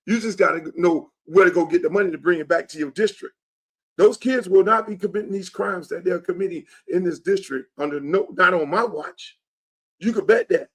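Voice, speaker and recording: Blunt, emphatic man with a high voice. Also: fairly quick, breathy edge. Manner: emphatic, repetitive, blunt and profane. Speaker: show host and political candidate. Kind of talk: casual political monologue.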